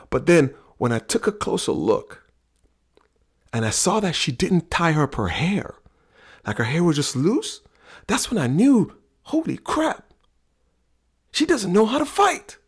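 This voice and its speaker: A middle-aged man hosting a talk on personality types, telling a story in an animated way. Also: fairly high pitch, measured pace, gravelly, long pauses, breathy edge. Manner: animated storyteller, acts out quoted voices. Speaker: podcast host teaching personality types.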